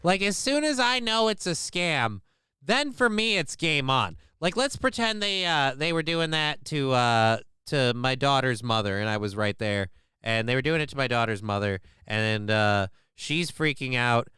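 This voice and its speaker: A man's voice: medium pitch, lively intonation, measured pace, bright, forceful tone, clear, resonant tone, no room sound, studio quality. A man hosting a livestream, chatting casually with his viewers in a rambling, joking, profane way. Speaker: livestream host. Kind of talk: casual chat to a live chat.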